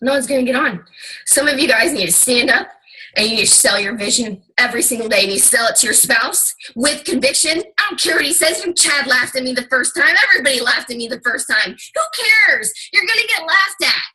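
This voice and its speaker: A woman's voice: high voice, expressive, fairly quick, sharp tone, husky, poor audio. A woman giving a fired-up motivational talk to her team, emphatic and casually swearing. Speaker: team leader.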